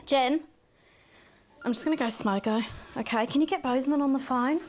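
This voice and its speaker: A woman's voice: high-pitched, normal speed, darkish tone, faint music behind, natural voice. A woman playing a smug, teasing TV temptress. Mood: irritated. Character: scheming seductive female news anchor temptress. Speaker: news presenter in a video game. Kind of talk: full-motion video game acting.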